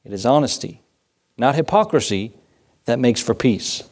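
A man preaching a sermon, reading scripture in old-fashioned wording and asking the congregation rhetorical questions. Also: moderate pace. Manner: animated, rising pitch when emphasizing.

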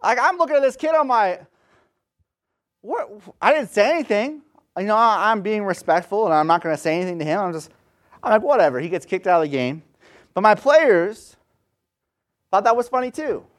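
A man's voice: high-pitched, animated, a little fast. A man in his thirties preaching a sermon, telling stories in a conversational way and retelling scripture in casual slang. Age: 30s.

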